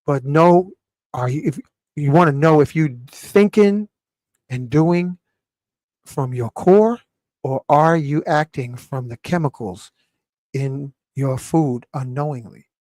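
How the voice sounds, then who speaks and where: A man hosting a live talk show, speaking in a fairly high voice and pressing each point home with animated emphasis. The sound is dry and close, with no room around it. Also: slow, no echo. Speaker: show host.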